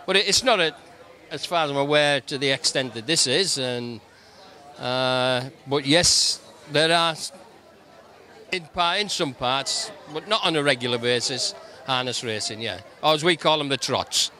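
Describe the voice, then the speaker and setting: A man's voice: mid-range voice, unhurried, pushed and bright, a faint crowd. A man answering interview questions outdoors, hesitant, with many fillers and restarts.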